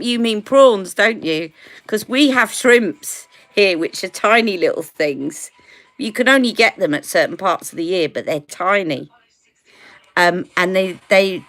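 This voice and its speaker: A woman's voice: medium pitch, fairly bright tone. A woman with a British accent hosting a casual beauty live stream, chatty and rambling, often laughing.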